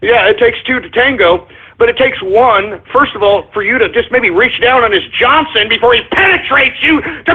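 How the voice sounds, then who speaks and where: A man's voice: extremely high pitch, moderate pace, breathy edge. A man hosting a talk radio show, ranting and rambling, repeatedly asking "all right?", over a tinny phone-line sound.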